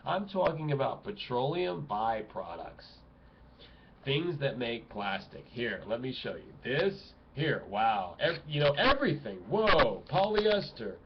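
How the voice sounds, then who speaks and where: Fired-up male vlogger, exclamatory outbursts and low muttering, dull home recording. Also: sing-song, measured pace, background noise. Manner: agitated, exclamatory, swings between loud outbursts and low mutters. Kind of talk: impassioned ranting monologue. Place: home room at a computer desk.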